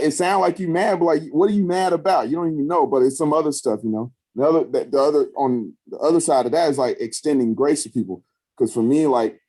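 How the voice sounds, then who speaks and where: A man co-hosting a relaxed podcast in a warm, mellow voice. He drifts from point to point and leans on "you know" and "um" as he thinks aloud. His pitch sits in the middle of the usual male range. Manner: rambling, heavy on fillers like "you know". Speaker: podcast co-host. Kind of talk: casual podcast chat.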